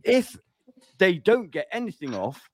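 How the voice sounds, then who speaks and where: A stressed, angry man rants at his co-hosts, his voice high and swinging wildly up and down. He keeps repeating himself, worked up and insistent. The sound is dry and close. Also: very animated, unhurried, dry recording. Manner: agitated, ranting, repeating himself. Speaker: podcast co-host and fan. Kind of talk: heated live-stream argument.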